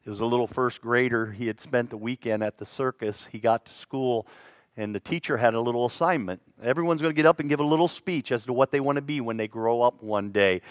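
A man preaching a sermon in a church, telling stories with lively swings between hushed and loud delivery. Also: mid-range voice, a little fast, no room sound, clean studio sound. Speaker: pastor. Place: church sanctuary.

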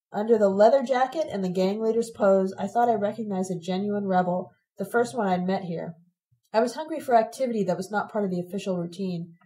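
Mellow-voiced woman reading a story. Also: medium pitch, low-quality recording. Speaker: audiobook reader. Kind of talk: first-person narration of letters.

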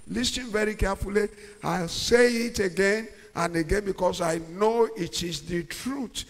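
A middle-aged man preaching a sermon, using call-and-response and swinging from quiet talk to shouts. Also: sits high, moderate pace, hardly any pauses. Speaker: pastor. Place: large church hall. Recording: long church-hall reverb.

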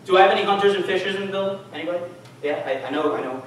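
A man's voice: sits high, racing. Man preaching in an echoey hall. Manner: casual, conversational preaching with audience questions. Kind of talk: sermon. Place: church hall. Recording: echoey church hall, mic from far off.

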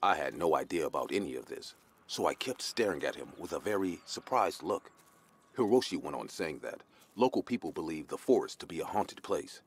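Deep, husky male horror narrator. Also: expressive, a little fast. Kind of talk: scripted horror story narration.

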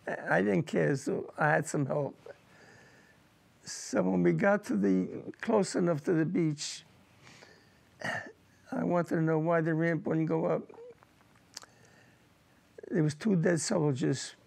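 Gravelly older veteran recalling war. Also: male voice, a little high, fairly even intonation, darkish tone. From United States. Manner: emotional, halting recollection with repeated words. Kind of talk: personal war testimony.

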